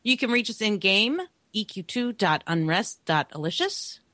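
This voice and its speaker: A woman's voice: medium pitch, expressive, normal speed, sharp tone, no echo, studio quality. A woman co-hosting a gaming podcast, playful and often laughing as she rambles through casual banter. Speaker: podcast co-host.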